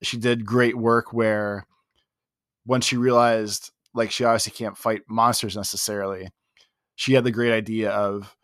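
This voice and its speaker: A man co-hosting a podcast, retelling scenes in a lively, casual way and swearing freely. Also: lowish voice, normal speed, dry recording, clean studio sound. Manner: animated storyteller, casual with swearing. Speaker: podcast co-host. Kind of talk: casual chat.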